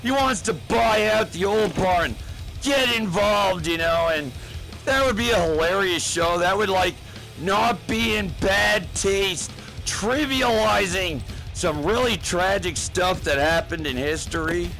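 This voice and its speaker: A man's voice: sits high, measured pace, sharp tone, faint music behind, poor audio. A man doing a rambling, profane comedic rant full of fillers, as a gaming vlogger.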